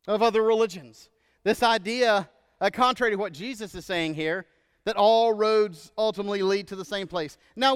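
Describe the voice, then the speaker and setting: A male pastor preaching a sermon in a relaxed, storytelling way, often checking in with "right?". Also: sits high, clear, resonant tone, in a large hall.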